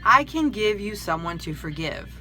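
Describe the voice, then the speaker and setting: A woman voicing a kind, gentle friendly soul who speaks with calm, tender reassurance in a storybook reading. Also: mid-range voice, normal speed, faint music behind, pitched above the performer's own voice.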